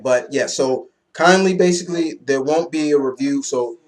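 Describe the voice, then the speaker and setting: A young man giving a casual, excitable comic book review, loose and swearing freely. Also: medium pitch, normal speed.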